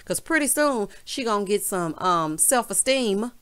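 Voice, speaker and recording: A sassy woman with a Southern US drawl dishes on a reality show like she's gossiping with friends. She keeps tossing in "honey" and "child" with lively, animated delivery. Her voice sits at an ordinary middle pitch for a woman. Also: unhurried, clean tone. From American South. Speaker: reality TV recap vlogger. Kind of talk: casual sassy recap chat.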